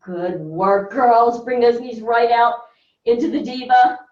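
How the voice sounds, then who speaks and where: A woman's voice: fairly high pitch, unhurried, darkish tone. A woman fitness instructor leading a floor workout in a carpeted room, calling out counts and upbeat encouragement. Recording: echoey room, distant dull mic.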